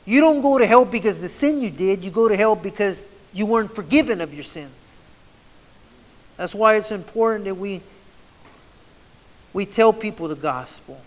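A man's voice: high voice, expressive, moderate pace, long pauses. A man preaching a sermon in a fervent, repetitive way, often restarting mid-phrase. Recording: long hall reverb.

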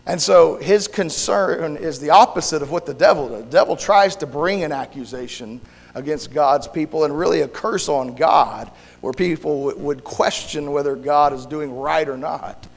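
A male pastor with a gravelly, hoarse voice preaches a sermon and prays, halting and restarting as he searches for words. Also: fairly high pitch. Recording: long hall reverb.

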